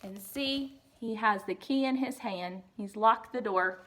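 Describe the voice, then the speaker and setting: A woman's voice: mid-range voice, measured pace, fairly bright tone, a little hiss or hum. A woman reading a picture book aloud to children, stopping often for chatty, amused asides about the pictures. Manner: chatty, amused asides between read lines. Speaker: reader.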